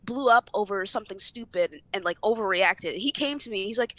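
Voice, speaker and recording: A woman's voice: fairly high pitch, very animated, brisk, pushed and bright, no echo. A young woman on a casual podcast, ranting animatedly and swearing freely. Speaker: podcast co-host.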